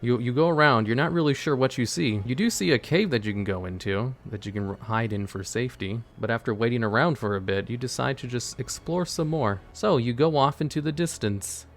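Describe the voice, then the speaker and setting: Guy game-mastering a choose-your-own-adventure stream, jokey and offhand, average pitch, faint music. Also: fairly quick, few pauses. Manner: joking, offhand, talks to chat. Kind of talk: casual tabletop game narration.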